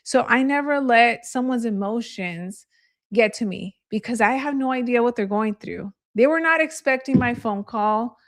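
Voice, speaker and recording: Woman real estate coach talking casually on a livestream, kinda high voice, laughs a lot. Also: moderate pace. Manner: candid storytelling, chatty, laughs easily. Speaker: real estate agent and sales trainer. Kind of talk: live training session.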